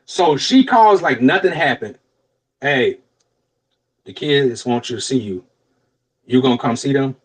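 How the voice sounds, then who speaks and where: Unhurried and given to long pauses, this young man's medium-pitched, slightly rough voice carries a long story on the podcast he co-hosts. The chat is casual and profane, and he animatedly voices the people he quotes.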